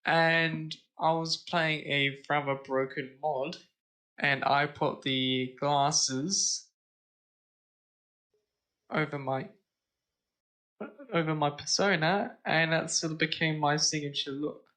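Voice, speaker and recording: A male host chatting on a casual live stream. He speaks slowly and plainly, and his voice has a bright, sharp edge to it. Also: a little high, steady tone, rough recording.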